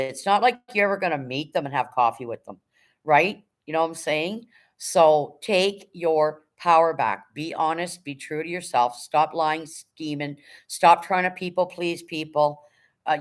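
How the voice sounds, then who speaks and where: A woman hosting a casual livestream, talking bluntly and swearing freely while lecturing viewers and reading out their chat comments. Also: low voice. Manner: repeats rallying phrases, addresses viewers directly. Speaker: livestream host.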